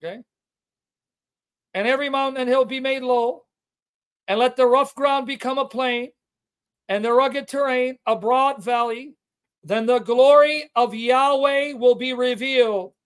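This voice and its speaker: Guy with a really high voice on a livestream, reading bible verses slow and punchy, keeps repeating stuff. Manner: emphatic, repeats key words to drive the point home; reads scripture aloud with slow stressed delivery. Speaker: livestream host, Bible teacher.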